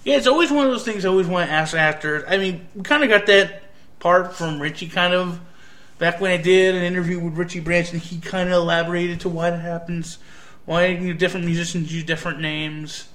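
A man's voice: high voice, steady tone, fairly quick, a bit bright. An American man giving a casual spoken review, hesitant and rambling with frequent restarts. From United States. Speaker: anime reviewer.

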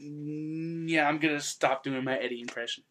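A man hosting a casual podcast review, chatty and quick to laugh, sometimes breaking into loud silly impressions. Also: a little high, fairly even intonation. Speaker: podcast host reviewing an anime.

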